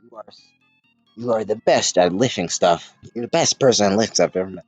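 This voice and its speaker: A man's voice: fairly low pitch, fast, slightly rough, dry recording, soft background music. Man putting on a prim British lady builder. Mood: doting. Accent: put-on British. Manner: formal, gushing, repeats "my fine gentleman". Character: prim British woman builder, doting and fussy.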